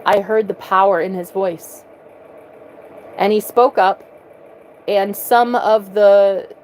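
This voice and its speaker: Casting: earnest female vlogger, personal storytelling, halting restarts. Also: mid-range voice, slight background noise, poor audio. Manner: earnest, repeats words as she restarts.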